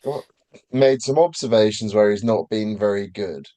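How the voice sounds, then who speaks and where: A man's voice: fairly low pitch, normal speed, warm tone, no echo. A man co-hosting a casual football podcast, talking in a blunt, teasing, sarcastic way. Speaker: podcast co-host.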